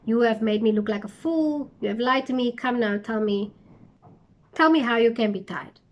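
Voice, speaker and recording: Woman doing Delilah, a scheming young woman, accusing and insistent, bright voice. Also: a little high, normal speed, dull audio, natural voice.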